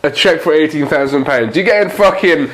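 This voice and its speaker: A man's voice: a little high, fairly quick, a little hiss or hum. Man in laid-back, sweary chat. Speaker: podcast host. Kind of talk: casual chat.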